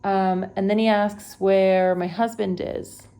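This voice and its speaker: A woman's voice: medium pitch, flat delivery, takes it slowly, dark tone, clear, resonant tone. A young woman from Texas, a travel vlogger, retelling an unsettling trip in a casual, conversational way with many fillers and self-corrections. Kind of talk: unedited personal retelling. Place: at home.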